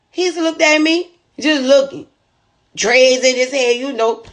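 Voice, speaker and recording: High-voiced woman preaching purpose. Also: steady tone, unhurried, a bit bright. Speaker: store owner and entrepreneur. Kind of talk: motivational testimony.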